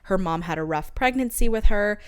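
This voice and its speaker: A woman's voice: medium pitch, a little fast, clean tone, dry recording, studio quality. Chatty young woman podcast co-host. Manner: animated, reads book quotes aloud, laughs often. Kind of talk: casual book-discussion chat.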